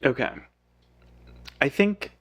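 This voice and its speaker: A man codes live and thinks out loud, muttering hesitantly, correcting himself, sleepy and yawning. He speaks slowly in a fairly bright tone, with no room sound.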